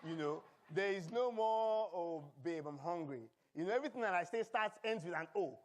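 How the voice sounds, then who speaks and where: A man's voice: high voice, a little fast. A man with a Nigerian accent, a pastor preaching a sermon in church. He reads scripture and mixes in humor, drawing responses from the congregation.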